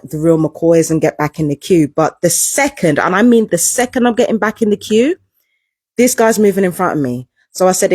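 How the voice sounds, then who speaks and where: A woman's voice: on the low side, a little mellow, breathy edge, no echo, clean studio sound. A woman telling a story to camera in a casual vlog, emphatic and profane, repeating herself for emphasis. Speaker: vlogger.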